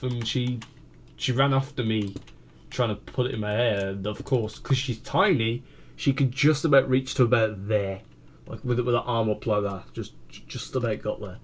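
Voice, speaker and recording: A man's voice: mid-range voice, a little mellow, a little hiss or hum. A British man casually telling a rambling story, full of fillers and restarts. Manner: rambling, full of fillers and repeated "I kid you not". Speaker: gaming vlogger.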